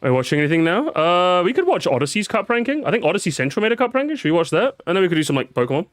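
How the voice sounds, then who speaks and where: A man's voice: high voice, sing-song, racing, dry recording, studio quality. Man, tired streamer, casual chat, repeats words, swears, faint music behind.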